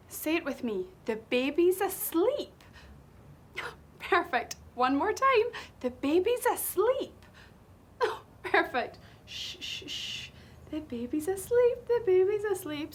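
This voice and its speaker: A woman presenting an English lesson, playful, laughing and hushing as she acts out a scene. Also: very high-pitched, takes it slowly. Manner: animated, laughing, hushing often. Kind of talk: playful classroom role-play.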